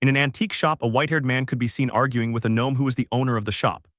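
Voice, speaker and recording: A man reading a fan fiction story aloud in an even, steady storytelling manner. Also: mid-range voice, racing, no echo, clean studio sound. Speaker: narrator.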